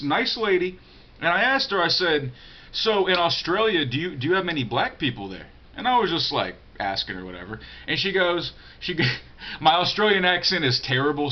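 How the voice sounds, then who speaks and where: A man with a fairly high voice talks off the cuff, blunt and profane, drifting from point to point and stumbling over repeated words. The audio is dull and lo-fi. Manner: repeats words and restarts often. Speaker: vlogger answering viewer email. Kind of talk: casual rambling monologue.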